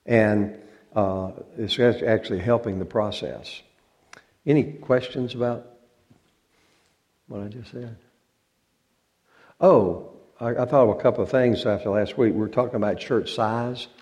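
A man with a fairly low, darkish voice speaks a little slowly and pauses often. He's a pastor addressing his congregation in the church sanctuary, informal and homespun, joking and drawing words out for emphasis.

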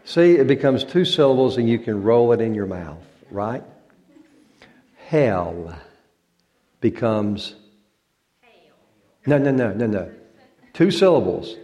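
A man's voice: mid-range voice, sing-song, takes it slowly, pauses often, warm tone. A male pastor giving an informal talk to a church congregation, folksy and joking and drawing out words for effect. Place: church sanctuary.

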